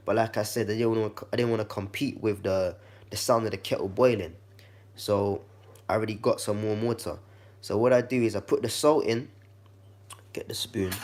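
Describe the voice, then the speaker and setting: A man with a slightly croaky, congested voice, giving a laid-back how-to demonstration in his kitchen and talking to the viewer like a friend. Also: fairly low pitch, darkish tone. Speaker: vlogger.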